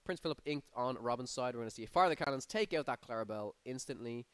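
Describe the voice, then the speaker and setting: A man's voice: mid-range voice, animated, fast, fairly bright tone, clear, resonant tone, no room sound. A man giving live play-by-play commentary on a card game tournament, his energy rising on big plays. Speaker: tournament caster.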